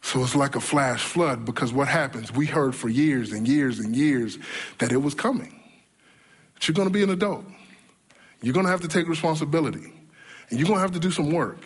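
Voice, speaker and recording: Animated husky high-voiced male preacher. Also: a little fast. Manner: animated, acts out imagined voices of churchgoers. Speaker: pastor. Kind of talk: sermon.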